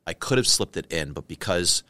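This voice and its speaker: A man from Canada, a film director being interviewed, telling stories in a lively way and acting out what people said. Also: low voice, fairly quick. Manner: animated storyteller, acts out quotes. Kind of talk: casual interview chat.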